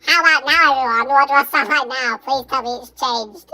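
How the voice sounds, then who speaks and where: A man through a squeaky baby-voice filter. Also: a little fast, vocal fry, full character voice. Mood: testing. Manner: testing, chatty streamer greeting. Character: voice-changer baby voice, high and squeaky. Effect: voice-changer software filter.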